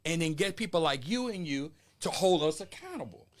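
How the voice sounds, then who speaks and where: A man's voice: a little high, lively intonation, a little fast. A man with a Southern US accent, a political commentator in a casual panel chat, folksy and playful with a preacher-like cadence.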